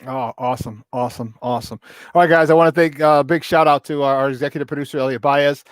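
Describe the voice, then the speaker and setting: A chummy male sports talk host signing off the show with plenty of shout-outs. His voice sits in a middle register and comes through a dry, close mic with no room sound. He talks loosely, repeating himself and adding fillers as he goes. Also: mid-range voice, fairly even intonation, fast talker, clear, resonant tone, no room sound. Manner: upbeat, chummy, thanks guests and plugs the app.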